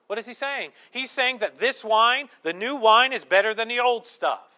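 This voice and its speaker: A man's voice: very high voice, moderate pace, few pauses, bright, forceful tone. A man preaching a sermon as pastor, earnestly teaching through scripture point by point in a church.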